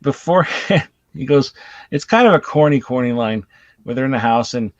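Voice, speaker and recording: A man's voice: mid-range voice, expressive, moderate pace, no echo. A man hosting a casual movie chat, animatedly retelling scenes and swearing casually. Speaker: host. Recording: dull dry lo-fi recording.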